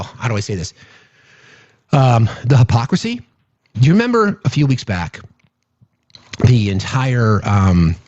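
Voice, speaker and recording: Indignant man, husky lo-fi commentary. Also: mid-range voice, darkish tone, no room sound. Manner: indignant, rambling, many restarts. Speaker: political commentator. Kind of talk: casual political commentary.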